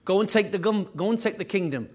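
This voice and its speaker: A man preaching a sermon with emphatic, repetitive phrasing, his voice rising and falling in loudness. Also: high voice, lively intonation, fast. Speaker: pastor.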